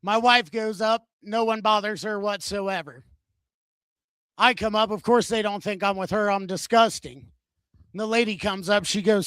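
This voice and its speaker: A man's voice: high-pitched, steady tone, normal speed, fairly bright tone, clear, resonant tone, no echo. A man in his thirties doing a stand-up comedy set on a venue stage into a handheld mic, with crude, self-mocking, punchy delivery.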